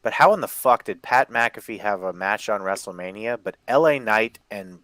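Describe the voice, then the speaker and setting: A man's voice: on the low side, animated, moderate pace, bright, forceful tone. A man on a podcast airs blunt, exasperated complaints, swearing freely as he talks. His voice sounds dry, with no room echo. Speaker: podcast co-host. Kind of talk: casual chat.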